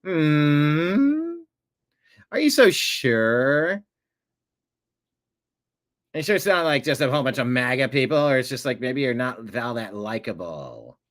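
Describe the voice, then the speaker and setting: A man's voice: medium pitch, big pitch swings, a little slow, long pauses, fairly bright tone. A man hosting a commentary show, reacting to a video clip in a sarcastic, mocking way.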